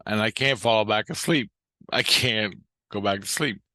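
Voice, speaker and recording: A man's voice: lowish voice, measured pace, sharp tone, dry recording, studio quality. A man vlogging about his dreams in a rambling, heavily profane, casual storytelling monologue.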